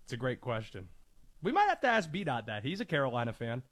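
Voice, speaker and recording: A man's voice: mid-range voice, wildly swooping pitch, fast talker, fairly bright tone. A man hosting a sports radio show, emphatic and stretching out key words.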